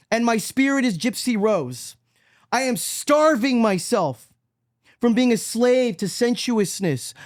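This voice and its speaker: A man hosting a solo podcast monologue, preachy and emphatic, swinging between loud mockery and low, quiet intensity. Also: no room sound, clean studio sound. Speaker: podcast host.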